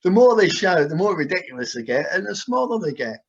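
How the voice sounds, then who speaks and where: A man's voice: sits high, big pitch swings, brisk, gravelly. A man working as a hypnotist, leading a guided session with soothing, repetitive suggestions over a video call. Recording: dull lo-fi video call audio.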